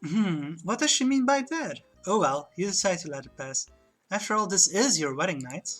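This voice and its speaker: A woman's voice: on the low side, animated, normal speed, soft background music. A woman streaming a retro game, chatting casually, laughing often and reading the game's narration aloud. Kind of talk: let's-play commentary, reading game text aloud.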